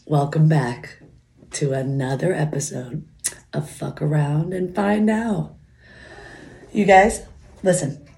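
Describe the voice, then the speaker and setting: A woman's voice: sits low, slow, vocal fry, pauses often, mellow. A woman in her thirties hosting a podcast from home, chatting casually in a rambling, giggly way into a microphone while wearing headphones. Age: 30s. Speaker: podcast host. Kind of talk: casual chat.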